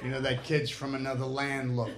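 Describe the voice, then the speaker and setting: A man from New City, doing a stand-up comedy set, telling brash, rapid-fire stories full of cursing. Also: mid-range voice, monotone, heavy background noise. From New York City. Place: comedy club stage. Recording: echoey club with loud crowd laughter. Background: loud audience laughter.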